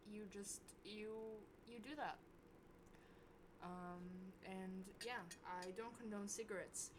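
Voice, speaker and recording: A young woman vlogger telling a story casually to camera, swearing often and getting loud when worked up. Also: background noise. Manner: animated, swears a lot, voice jumps high when worked up.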